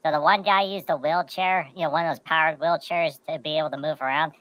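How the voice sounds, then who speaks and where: A man's voice: a little high, steady tone, quick pace, a bit bright, no room sound, low-quality recording. A man co-hosting a casual podcast, telling rambling stories and repeating words as he goes. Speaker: podcast co-host. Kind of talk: casual chat.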